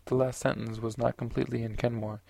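A man narrating a science fiction audiobook in a steady, unhurried way. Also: mid-range voice, gravelly, no echo.

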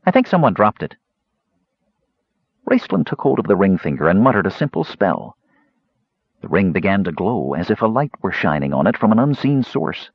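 A man narrating a fantasy audiobook in an expressive storytelling manner. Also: low-pitched, fairly quick, vocal fry, husky, no echo, highs cut off.

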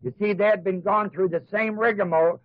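A high-voiced man teaches scripture to a class in a preaching style. He drops into mocking asides, then builds his points with emphasis. The sound is a dry, tinny old tape with no room to it. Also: steady tone, a little fast, dry recording. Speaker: Bible teacher.

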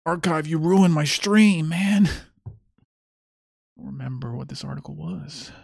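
A man's voice: fairly high pitch, slow, creaky, no room sound, clean studio sound. A man hosting his own stream, ranting in a sarcastic, mocking way about a clip he has just played. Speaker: streamer host. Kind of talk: casual solo stream commentary.

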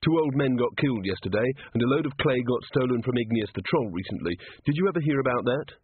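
A man voicing a calm, steady young female watch officer who speaks in a level, deliberate way. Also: mid-range voice, breathy edge, no echo. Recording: tinny phone-like audio.

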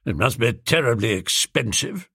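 A man's voice: medium pitch, lively intonation, moderate pace, vocal fry, bright, forceful tone, husky, no room sound, clean studio sound, pitched below the performer's own voice, exaggerated voice. A man doing a grumbling stingy old duke. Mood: aghast. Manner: complaining, aghast at prices.

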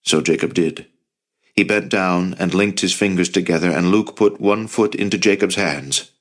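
A man narrating an audiobook in a measured storytelling manner. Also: sits low. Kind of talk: scripted narration.

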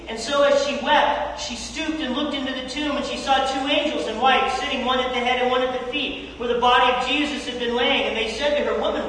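Casual animated sermon, preacher acting out scripture scenes, very echoey church hall, faint background noise. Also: high-pitched, distant mic. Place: church sanctuary.

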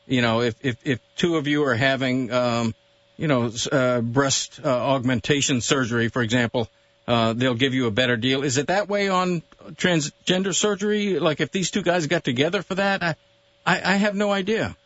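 A man who writes for a newspaper, a guest on a radio show, trading casual banter with wry, deadpan humor. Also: medium pitch, normal speed, no echo. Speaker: newspaper columnist, studio guest. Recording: dull lo-fi radio broadcast, dry.

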